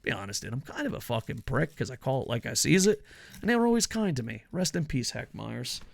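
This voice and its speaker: Male wrestling commentator with a gravelly voice and a cursing, sarcastic, animated delivery. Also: medium pitch. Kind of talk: casual ranting commentary.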